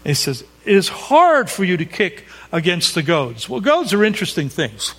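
Animated preacher man in a reverberant hall. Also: sits high, moderate pace, husky. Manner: animated, conversational, checks in with listeners. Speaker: pastor. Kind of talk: expository sermon.

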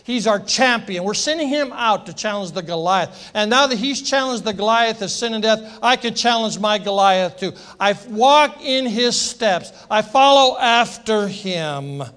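A man's voice: sits high, fairly bright tone. A middle-aged man preaching a sermon as pastor, passionate and emphatic, repeating phrases for force.

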